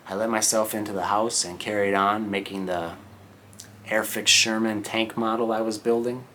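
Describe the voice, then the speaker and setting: Low-voiced man teaching English by reading aloud. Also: steady tone, bright, forceful tone, slight background noise. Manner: slow and explanatory, checks in with "okay?". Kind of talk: reading a novel aloud and explaining words.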